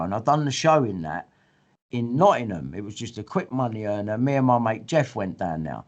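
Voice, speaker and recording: A middle-aged man tells a story in blunt, rambling casual speech, swearing often and acting out what people said. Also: medium pitch. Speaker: guest. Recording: muffled lo-fi audio.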